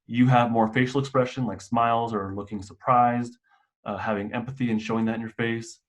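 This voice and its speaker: A man's voice: mid-range voice, fairly even intonation, a little fast. A man who works as a mental health clinician, presenting a staff and parent training in a casual, explanatory way with occasional restarts.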